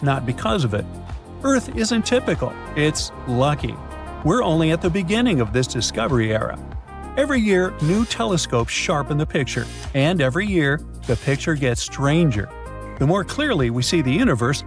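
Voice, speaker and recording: A man giving scripted science narration in a dramatic, playful way with jokey asides. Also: a little high. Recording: faint music behind.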